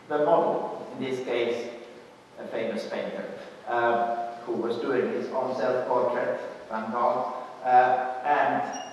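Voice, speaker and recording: Man lecturing from afar in an echoey hall. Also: on the high side. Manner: measured, explaining in short phrases. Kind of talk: academic lecture. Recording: echoey hall, distant and muffled.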